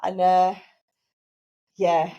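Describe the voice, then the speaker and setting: A woman's voice: lowish voice, monotone, very slow, lo-fi sound. A woman, co-hosting a casual chat podcast and speaking frankly and chattily. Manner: chatty, frank, acts out quoted people. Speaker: podcast co-host.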